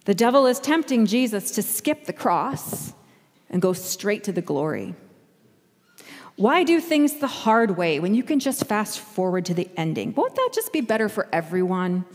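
A woman pastor preaching a sermon, conversational and expressive, slipping into the voices she quotes. Her voice sits at a middle pitch with a long hall reverb behind every word.

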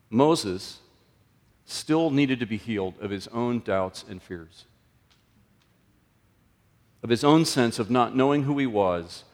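A man preaching a sermon in a conversational way, his voice often rising and then dropping low and soft. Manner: conversational, with sudden lifts and drops in pitch and loudness. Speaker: pastor. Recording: long reverb of a large room.

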